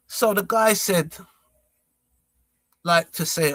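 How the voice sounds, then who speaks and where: A young man recounts a confrontation in an animated, repetitive way, voicing both sides of the argument. His voice sits a little high. The recording is dry and close. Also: normal speed, long pauses, no room sound. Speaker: vlogger. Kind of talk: casual storytelling.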